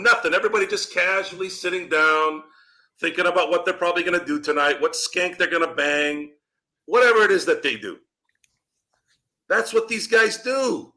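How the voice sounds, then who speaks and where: Bright-voiced man ranting profanely. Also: sits high, normal speed. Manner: profane, ranting, rhetorical questions. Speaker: podcast host. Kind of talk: postgame fan rant.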